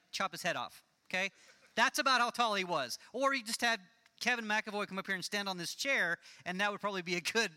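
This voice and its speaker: A man with a high, very bright voice tells a Bible story to a young crowd, jokey and lively, acting out each character. His voice rings with a long reverb, as in a church hall. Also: clear, resonant tone. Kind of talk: storytelling sermon to a young audience.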